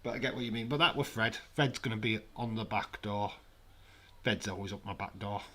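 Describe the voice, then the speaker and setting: A man giving jokey, casual commentary on a live watch-along stream from his flat. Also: on the low side, brisk, slight background noise. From United Kingdom. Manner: jokey, banters with chat. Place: home, in a flat.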